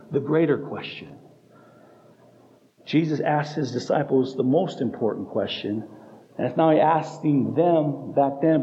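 A man preaching a sermon as pastor, emphatic, repeating key phrases and restarting his sentences. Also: on the high side. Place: church sanctuary. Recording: dull sound with long hall reverb.

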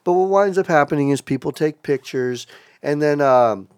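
A man as a podcast guest in casual chat, telling stories in a profane, animated way. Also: on the high side, moderate pace, clean tone, no echo.

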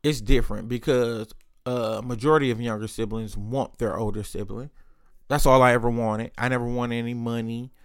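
A man's voice: medium pitch, steady tone, moderate pace, clean tone, no room sound. A man in his late thirties casually telling a personal family story, candid and profane, acting out what others said. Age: 30s. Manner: candid, profane, acts out quoted voices.

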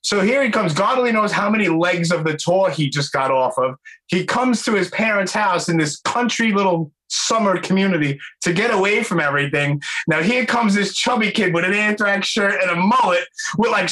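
A man, hosting a podcast and telling animated stories in casual chat, swearing now and then. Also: high voice, normal speed, low-quality recording. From New York. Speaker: podcast host.

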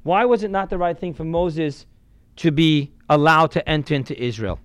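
A rabbi delivering a sermon in a smooth, resonant voice that sits a little high for a man. He preaches emphatically, swinging between loud and quiet, and drops in Yiddish and Hebrew religious terms. The sound is dry and close. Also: moderate pace, dry recording.

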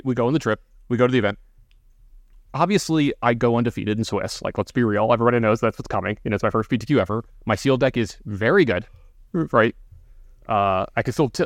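A man's voice: fairly low pitch, dry recording, studio quality. A man co-hosting a podcast, telling long casual anecdotes full of fillers and asides. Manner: rambling, filler-heavy anecdotes. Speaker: podcast co-host. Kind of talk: casual storytelling.

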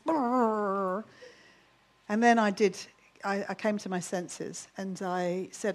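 A woman preaching to a church gathering in a lively, animated way, with ready laughter in her voice. She speaks at a middle pitch and turns soft and hushed when she moves into prayer. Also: measured pace. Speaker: Bible teacher. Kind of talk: sermon with closing prayer.

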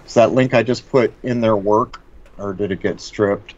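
A man's voice: fairly low pitch, normal speed, darkish tone. A man co-hosting a live stream discussion, talking conversationally and putting questions to the host. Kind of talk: casual discussion. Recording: dull lo-fi stream audio.

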